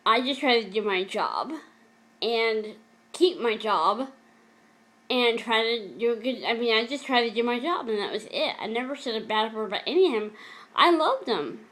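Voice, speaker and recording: A middle-aged woman telling a personal story in a vlog, emotional and halting, often repeating and restarting her words. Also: on the high side, animated, a bit bright. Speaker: vlogger.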